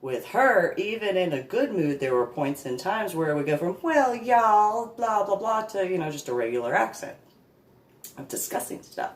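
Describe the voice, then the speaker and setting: A woman's voice: sits low, expressive, moderate pace. A woman in her forties, a reverend, rambling through a personal story with sarcastic asides and repeated words. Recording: echoey room.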